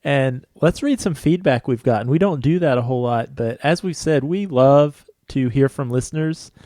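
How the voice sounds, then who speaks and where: A man's voice: mid-range voice, moderate pace, warm tone, no room sound, clean studio sound. A man co-hosting a casual podcast, chatty and friendly, often laughing. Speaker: podcast co-host.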